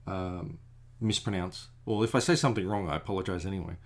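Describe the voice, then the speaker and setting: This middle-aged artist has a deep voice and a quick pace. As he works on a drawing he keeps up casual, wandering commentary, often teasing himself along the way.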